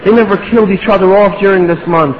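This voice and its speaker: A man's voice: high-pitched, quick pace. A man preaching a sermon, impassioned, building to pleading rhetorical questions. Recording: echoey hall, dull lo-fi sound.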